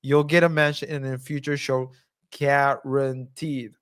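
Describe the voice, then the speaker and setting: A man co-hosting a casual commentary podcast, speaking haltingly, restarting sentences and chuckling often. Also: mid-range voice, little pitch movement, fairly bright tone. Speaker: podcast co-host.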